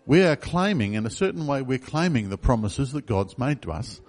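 A man's voice: mid-range voice, very animated, normal speed, a little mellow. Guy preaching a sermon, chatty, throws questions at the room, mid voice. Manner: conversational, asks the congregation questions. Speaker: pastor.

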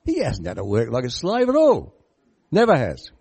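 Animated male preacher giving a sermon. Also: mid-range voice, normal speed, husky. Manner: animated, emphatic, asks the listeners questions and comments on the text. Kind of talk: sermon on a Bible parable.

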